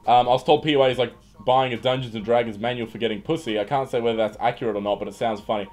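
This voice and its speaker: A young Australian man hosts a casual livestream, reading chat and riffing with lots of fillers and restarts. His voice sits at an ordinary middle pitch. Faint music plays quietly underneath. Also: fairly even intonation, racing. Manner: rambling, joking, with frequent fillers and restarts. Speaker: livestream host. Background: faint background music.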